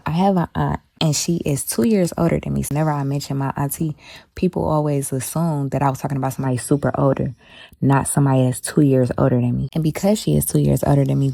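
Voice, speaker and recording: Young woman, deep gravelly voice, blunt profane storyteller, casual vlog. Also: dark tone, no echo. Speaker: beauty vlogger.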